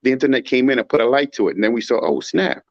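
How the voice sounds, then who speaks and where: A man talks fast at medium pitch, giving opinionated, casual takes in an emphatic, rhetorical way and mimicking others in a raised voice. The recording is dry, dull, and muffled, with a lo-fi sound.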